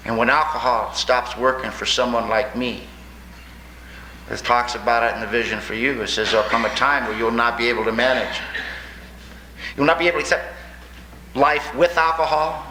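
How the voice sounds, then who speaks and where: A plainspoken older man tells his story to a crowd with folksy, wry humor. His voice is bright and forceful, and it rings out through an echoey hall over a faint background hiss. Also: medium pitch. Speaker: recovery speaker sharing his story. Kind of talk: storytelling talk to an audience. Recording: echoey room with faint noise.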